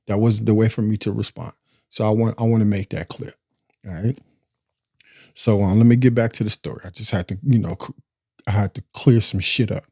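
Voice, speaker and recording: A man's voice: lowish voice, fairly even intonation, a little fast, vocal fry, darkish tone, slightly rough, dry recording, studio quality. A man telling his life story in a casual monologue, cursing freely and often asking "you feel me?". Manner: profane, streetwise, keeps asking "you feel me?"; breaks into laughter.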